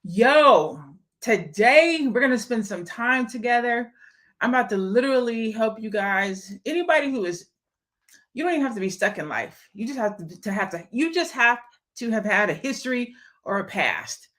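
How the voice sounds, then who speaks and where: Greeting her viewers by name, a young woman running a casual live stream speaks with candor and emphasis as she promotes an event. She sounds animated, with a fairly high, fairly bright voice at a moderate pace.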